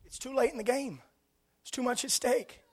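A male preacher delivering a fervent sermon in a notably high voice. His intensity swings from loud, urgent declarations down to hushed, almost whispered stretches. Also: fairly even intonation, moderate pace, husky. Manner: impassioned, swinging from shouting to hushed.

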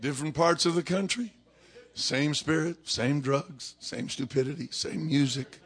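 A man preaching a sermon, telling a story dramatically and swinging from shouts down to whispers. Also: fairly high pitch, unhurried, slightly rough.

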